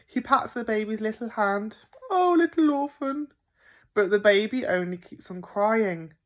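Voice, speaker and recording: A woman reading a picture book aloud to children as a primary school teacher, expressive and playful. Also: medium pitch, normal speed, highs cut off. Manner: expressive, with gasps and playful emphasis.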